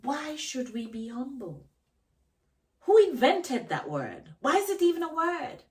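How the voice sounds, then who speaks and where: In a reflective solo talk to camera, a woman vlogger explores self-knowledge with a high, sing-song, slightly mellow voice at a measured pace. The mic is distant and the audio poor, and she delivers emphatically, posing rhetorical questions and repeating key phrases.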